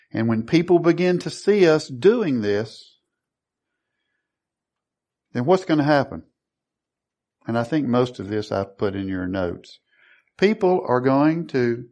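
A man's voice: mid-range voice, a little mellow. A man preaching a sermon, asking the congregation questions and acting out quoted voices.

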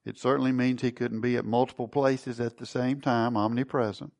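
A man's voice: mid-range voice, steady tone, brisk, gravelly, darkish tone. A man preaching a sermon, teaching and putting questions to his congregation. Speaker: pastor.

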